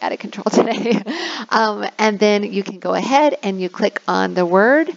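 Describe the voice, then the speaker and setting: A young woman guides other teachers through an online lesson, explaining each step and showing how she drills words with cheerful praise. Her voice carries a gravelly fry, and the recording sounds muffled and lo-fi. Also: medium pitch. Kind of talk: screen-recorded teaching tutorial. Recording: dull lo-fi sound.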